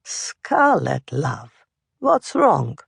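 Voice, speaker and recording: An elderly German grandmother speaks in a German accent, pitched high above the reader's own tone, as a narrator puts her on. She is calm and hard to rile, but firm, in a storybook reading. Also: slow, no echo, studio quality. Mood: calm concern. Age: older.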